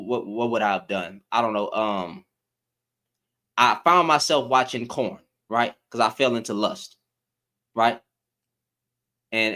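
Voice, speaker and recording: Fired up guy ranting on his live, voice jumps all over, keeps repeating himself. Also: mid-range voice. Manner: animated and exasperated, repeats phrases, swears. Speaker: live stream host. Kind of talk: heated commentary.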